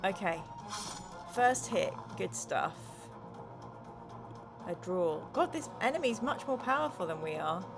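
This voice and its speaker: A woman's voice: mid-range voice, big pitch swings, measured pace, pauses often, over music. Chatty woman hosting a gamebook stream. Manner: reads viewer comments aloud, chatty and playful; narrates the gamebook text with dramatic flair. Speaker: host playing a gamebook. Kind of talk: casual game playthrough chat.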